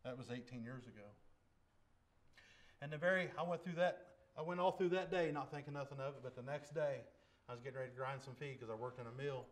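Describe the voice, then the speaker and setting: A man's voice: medium pitch, fast talker. Folksy man preaching his testimony. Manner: folksy storytelling, swings from hushed to sudden loud bursts. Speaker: lay preacher giving testimony. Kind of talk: testimony sermon. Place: church service.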